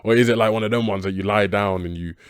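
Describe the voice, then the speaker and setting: A man co-hosts a casual podcast, his voice low and rapid. He argues in an animated, joking, skeptical manner. The sound is dry and close, with no room behind it. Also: clean tone, no echo. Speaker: podcast co-host.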